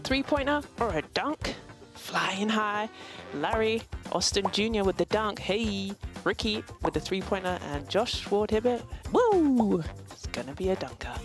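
A woman running a rapid question game with a team, her voice sitting mid-range but bouncing up and down a lot. she cheers and teases as she goes. music sits clearly behind her. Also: mid-range voice, expressive. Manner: bubbly, quick questions with cheers. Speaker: interviewer. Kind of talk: upbeat team quiz segment.

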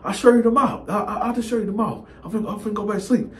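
A man voicing a nervous young male cellmate who stammers, dodges questions and speaks in a hushed, hurried way. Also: sits high, fairly even intonation, echoey room, pitched above the performer's own voice, close to an everyday voice. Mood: nervous, evasive.

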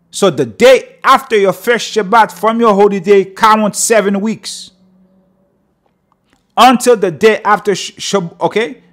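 A man with a notably high voice delivers a sermon. He reads prayer lines aloud and pauses to explain them in an emphatic teaching manner. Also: fairly bright tone. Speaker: religious teacher.

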